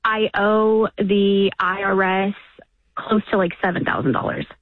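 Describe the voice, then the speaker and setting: A woman in her thirties calling a radio show, hesitant and halting, close to tears. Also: medium pitch, no room sound. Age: 30s. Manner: hesitant, halting, many fillers. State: emotional, near tears. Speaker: caller. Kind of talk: phone call to radio show. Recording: tinny phone line.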